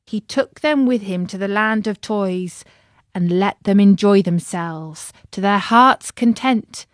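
A woman narrating a children's story in a gentle way, talking to young listeners. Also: medium pitch, slow pace, no echo, studio quality.

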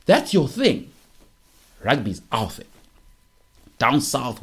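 A man's voice: medium pitch, wildly swooping pitch, slow, fairly bright tone, husky. A young South African man hosting a podcast, delivering an opinionated monologue in a teasing, emphatic way that keeps repeating its punchlines. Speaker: podcast host.

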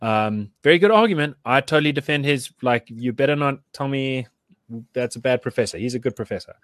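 A man's voice: medium pitch, expressive, brisk, dry recording. A man co-hosting a casual chat, rambling and hesitant with lots of restarts. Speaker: podcast co-host.

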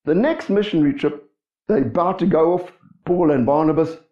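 A man preaching a sermon to his congregation, animated, acting out quoted voices and asking the listeners questions. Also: fairly high pitch, normal speed, reverberant, dull audio. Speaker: pastor.

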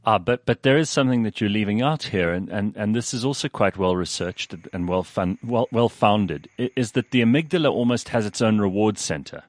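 A man interviewing a guest, measured and thoughtful, often repeating words as he starts a point. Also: on the low side, lively intonation, dry recording, studio quality. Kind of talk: interview questions.

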